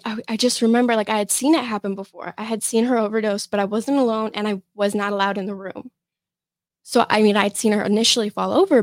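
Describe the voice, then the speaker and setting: A young woman from Michigan, a podcast guest telling a personal story in a halting way, with many fillers and restarts. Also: fairly high pitch, no room sound. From Michigan, USA.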